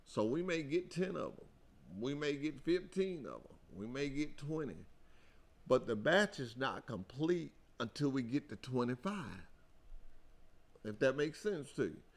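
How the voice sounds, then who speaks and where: A man's voice: medium pitch, sing-song, unhurried, creaky. A man with a Southern US accent, talking earnestly to his company's truck drivers in a folksy way and repeating his points for emphasis. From Alabama. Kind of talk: folksy company talk to employees.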